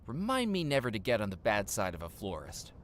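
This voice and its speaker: Game treasure hunter, asks stuff, dry little jokes, lively pitch. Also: male voice, a little fast, slight background noise. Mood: curious. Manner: inquisitive, dry quips. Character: treasure hunter, young man, curious. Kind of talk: video game voice acting.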